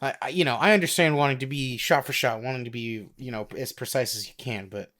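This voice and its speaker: A man's voice: medium pitch, quick pace, fairly bright tone. A young man co-hosting a podcast in casual chat, hesitant, often stammering and restarting his sentences. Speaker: podcast co-host.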